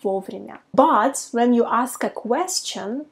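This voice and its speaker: A woman teaching a language lesson who says her example phrases slowly and carefully, with a Russian mother tongue. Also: on the high side, expressive, creaky. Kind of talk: casual online language lesson.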